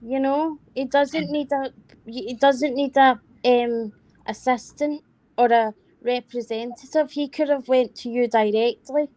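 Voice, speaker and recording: A woman's voice: high voice, steady tone, unhurried, darkish tone, no room sound. A woman with a Scottish accent, chatting casually as a panel guest, rambling and apologetic. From Scotland. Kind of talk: casual chat.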